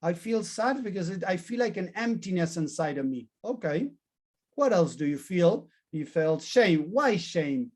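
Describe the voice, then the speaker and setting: A man teaching a therapy training class, animated and emphatic, repeating key words in lists. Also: high voice, unhurried. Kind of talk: live training lesson.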